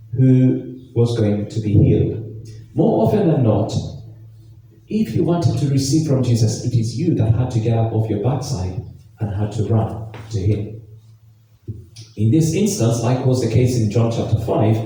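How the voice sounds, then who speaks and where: Preaching pastor in an echoey hall. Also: male voice, medium pitch. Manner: expressive reading of scripture with emphatic pauses. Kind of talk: sermon. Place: church hall. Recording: echoey church hall, distant mic, faint noise.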